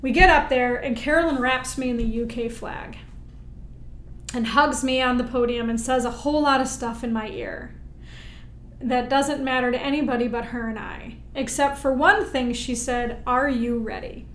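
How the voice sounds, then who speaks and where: A woman guest, a military veteran, telling her story in an animated, emphatic way and often checking in with "right?". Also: high-pitched, normal speed, slight background noise. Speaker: interview guest, military veteran and Paralympic-style powerlifter. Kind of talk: storytelling in conversation. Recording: roomy echo.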